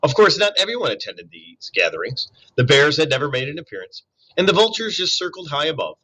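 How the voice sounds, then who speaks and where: A man reading a children's novel aloud in an expressive way, with asides to young listeners. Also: fairly high pitch, a little fast, rough recording. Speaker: reader.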